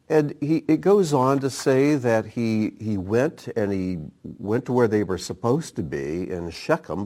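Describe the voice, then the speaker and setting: A man with a low, mellow voice gives a sermon. His pitch rises and falls a great deal as he explains scripture, and he reads the verses aloud at an unhurried pace. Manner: unhurried teaching with scripture reading. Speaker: pastor.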